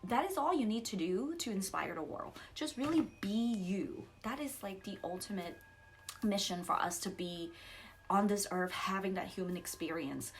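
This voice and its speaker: A young adult woman giving a casual spiritual coaching talk, animated and laughing, acting out outbursts. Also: mid-range voice, moderate pace, a little hiss or hum. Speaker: psychic coach.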